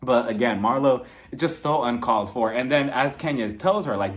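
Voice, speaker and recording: A man's voice: mid-range voice, normal speed, hardly any pauses. A young man giving a casual, gossipy recap of a reality TV episode, with exasperated asides. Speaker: reality TV reviewer.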